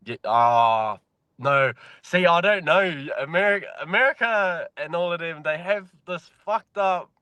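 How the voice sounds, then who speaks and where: A man's voice: a little high, lively intonation, measured pace, pushed and bright, smooth, dry recording. Man with new zealand accent, laid-back, swears a lot, says bro, dry close sound. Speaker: podcast guest, mine worker. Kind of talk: casual chat.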